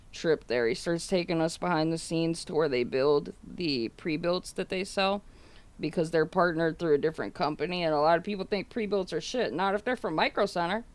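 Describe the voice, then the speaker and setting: A woman streamer telling a story in a loose, profane, rambling way, laughing as she goes. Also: fairly low pitch. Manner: laughs through her telling. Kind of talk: casual storytelling to a stream audience.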